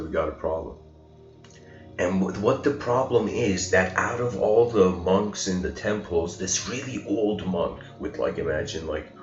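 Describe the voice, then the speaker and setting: A man giving a casual storytelling lecture, rambling and acting out the quoted lines with rising intensity. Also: deep voice. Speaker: spiritual lecturer. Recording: roomy, dull lo-fi recording with faint music.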